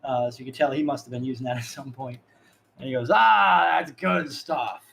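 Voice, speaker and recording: A man running a tabletop game as game master narrates in a relaxed, halting way. His voice is mid-range and husky.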